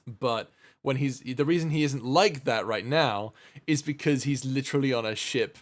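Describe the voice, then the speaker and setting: A man's voice: medium pitch, moderate pace. A man hosting a casual birthday stream, playful and rambling, often laughing and restarting his sentences. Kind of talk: casual chat.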